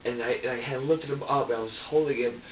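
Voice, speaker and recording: Suspect in interview room; halting, restarts often; recorded from a distance in an echoey room. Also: male voice, medium pitch, fairly even intonation. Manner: halting, stumbling restarts, repeats himself. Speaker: suspect being questioned. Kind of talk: police interrogation. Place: sheriff's office interview room. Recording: tinny, echoey room audio from far off, faint hiss.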